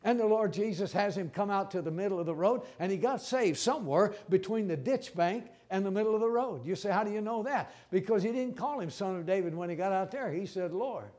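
A preacher man with a high, ringing voice. He delivers his sermon in a folksy, emphatic way, repeating phrases and stumbling into quick restarts. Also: expressive, mellow. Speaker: pastor.

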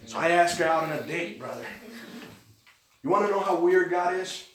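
A man preaching a sermon, telling a personal story with animated delivery and acting out the other people's lines. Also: sits high, normal speed, roomy sound, crowd noise. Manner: animated storytelling, acts out quoted voices. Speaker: pastor. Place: church.

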